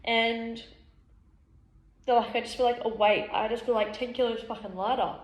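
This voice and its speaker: Woman vlogger, candid self-reflection, blunt and sweary, laughs a lot, slightly high voice, echoey room. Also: steady tone, moderate pace.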